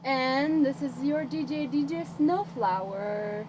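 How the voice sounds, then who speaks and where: A young woman hosts a campus radio show in a friendly, hesitant way, filling pauses with plenty of "um" and "uh." Her voice sits slightly high. Clear background noise runs behind her. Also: expressive. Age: young adult. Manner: friendly, hesitant, many fillers. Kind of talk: casual radio interview. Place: college radio studio. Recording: noisy background.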